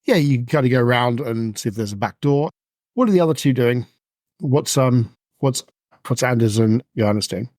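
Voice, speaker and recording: A man's voice: mid-range voice, animated, moderate pace, darkish tone, no room sound. Male game master, mid voice, dry close mic, rambling casual narration. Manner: rambling, filler-heavy description.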